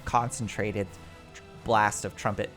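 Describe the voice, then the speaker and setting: A man narrating as game master for a tabletop game, halting and relaxed with many fillers. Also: lowish voice, over loud music.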